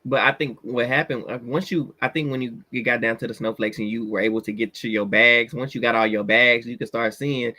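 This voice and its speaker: Male podcast host, mid voice, lively and joking, dead-dry sound. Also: mid-range voice, brisk, hardly any pauses, dry recording. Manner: animated, laughing, mock-dramatic asides. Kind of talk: casual chat.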